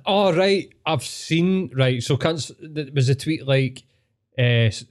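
A Scottish man joins the podcast chat with quick remarks and frequent laughter. He swears casually and keeps the talk loose and friendly. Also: on the high side. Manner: chatty, laughs along, sweary.

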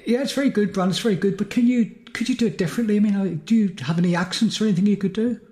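Chatty man, slightly high voice. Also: rapid-fire, dark tone. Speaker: podcast co-host. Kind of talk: comedy sketch and casual chat.

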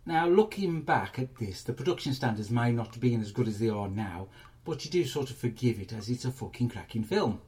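A man's voice: medium pitch, animated, brisk, darkish tone. A man hosting a comic film club, retelling film plots in a crude, rambling, sweary way. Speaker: comedy film club host. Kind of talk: comic film review monologue.

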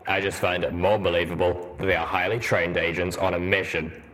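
A man voicing a skeptical male pony soldier in armor, speaking in a deep rumbling voice with a dry, measured deadpan.

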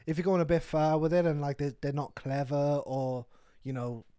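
A man's voice: a little high, normal speed, warm tone, clean tone, no echo, clean studio sound. A man in his twenties co-hosting a podcast, chatting casually, laughing often and joking at his own expense. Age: 20s. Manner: laughs often, rambling and self-mocking. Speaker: podcast co-host.

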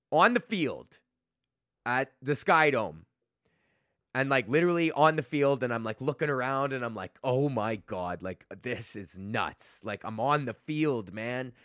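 A man's voice: mid-range voice, fairly bright tone, dry recording, studio quality. A man in his thirties from Canada hosting a casual solo podcast, rambling and swearing freely, poking fun at himself and laughing often. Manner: rambling, profane, self-mocking, laughs often. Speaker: podcast host and comedian.

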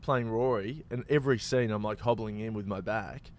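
A laid-back Australian man in his thirties chats casually as a guest. His voice sits a little low, and he rambles along with lots of ums and restarts. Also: normal speed, a little mellow. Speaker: comedian and actor, guest. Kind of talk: casual chat.

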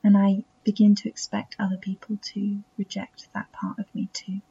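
Soft-spoken woman with a self-taught English accent. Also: mid-range voice, monotone, moderate pace, few pauses. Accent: self-taught English accent that drifts toward American. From England. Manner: soft and intimate, slipping into breathy near-whispers. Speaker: podcast host. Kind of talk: reflective podcast monologue. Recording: dull, muffled recording.

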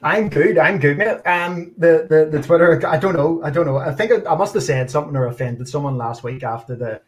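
A man's voice: a little high, fairly quick, muffled recording. A Northern Irish man chatting as a podcast guest, hesitant, with many fillers and restarts. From Northern Ireland. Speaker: guest, card designer. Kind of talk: casual chat.

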